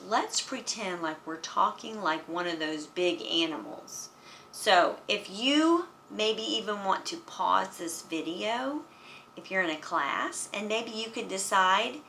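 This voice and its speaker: Gentle, slow-speaking woman music teacher. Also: medium pitch, a little hiss or hum. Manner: gentle, encouraging, addressing young children. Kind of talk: children's music lesson.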